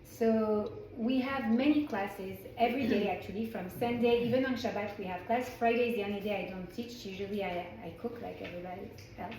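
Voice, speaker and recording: Her mid-range voice moves fairly quickly with hardly any pauses and sounds a little mellow, over a faint hiss or hum. This French-accented woman from France leads a casual Torah lecture for a small group in a classroom, talking chattily and frequently starting over to fix what she says. The room adds a noticeable echo.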